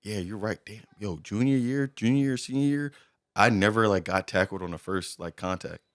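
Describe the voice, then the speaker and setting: A young man co-hosting a podcast, telling old sports stories in casual chat and acting out the shouts of others. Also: lowish voice, moderate pace. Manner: animated storyteller, acts out loud shouted quotes. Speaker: podcast co-host.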